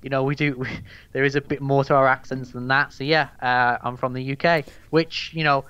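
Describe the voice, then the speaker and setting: Young man, Birmingham accent, smooth clear voice, dull lo-fi sound, rambling profane podcast chat. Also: mid-range voice, flat delivery, a little fast, fairly bright tone, no room sound. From England. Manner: rambling, profane, lots of uh fillers. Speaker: guest, MMA news account runner.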